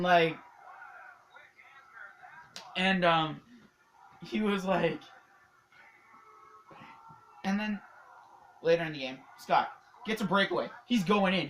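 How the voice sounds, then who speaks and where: A hockey vlogger from Canada giving a casual, excitable recap, rambling with lots of fillers and laughs. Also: mid-range voice, takes it slowly, long pauses, slight background noise, low-quality recording.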